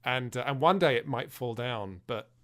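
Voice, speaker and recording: A man, a podcast guest, talking in a deadpan, mock-serious casual chat. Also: mid-range voice, normal speed, soft background music. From England.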